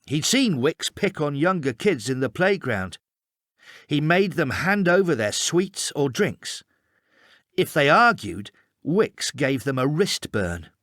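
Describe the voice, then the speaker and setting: A man reading a storybook aloud, slowly and with a lively, swinging pitch. His voice sits a little high for a man and is recorded close and dry, with no room sound. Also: dry recording. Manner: expressive, measured. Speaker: storybook reader. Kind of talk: storybook narration.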